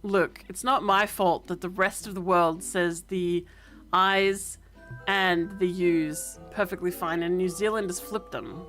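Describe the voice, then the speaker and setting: A woman's voice: lowish voice, steady tone, a little slow, fairly bright tone, faint music behind. A woman streaming a game, chatting casually in a playful, laughing and profane way. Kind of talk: casual chat.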